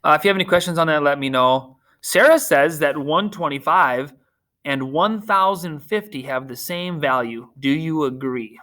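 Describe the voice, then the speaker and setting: A man's voice: fairly high pitch, moderate pace, sharp tone. A man teaching a recorded remote math lesson to children, upbeat, cracking corny jokes and teasing himself, talking through a screen share.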